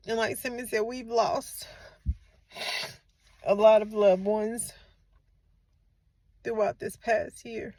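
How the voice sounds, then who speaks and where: Woman, forties, grieving mother doing a faith vlog: tearful, soft, a bit gravelly, dry close sound. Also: mid-range voice, dry recording. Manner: soft, emotional, repeats phrases for comfort. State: tearful, has been crying. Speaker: grieving mother, channel host. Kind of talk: heartfelt faith-based vlog.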